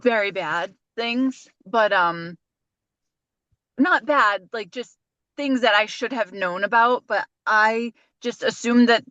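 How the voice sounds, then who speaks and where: A woman's voice: on the high side, slow pace, sharp tone, dry recording, highs cut off. Chatty woman podcast co-host, dry sound. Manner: rambling, chatty storytelling with many restarts. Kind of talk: casual chat.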